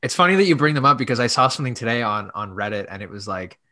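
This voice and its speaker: A man with a bright, forceful voice chats on a football podcast. He rambles off into silly side stories before he gets to his score prediction. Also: medium pitch, expressive, racing. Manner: rambling, goofy tangents. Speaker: podcast co-host. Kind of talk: casual sports chat.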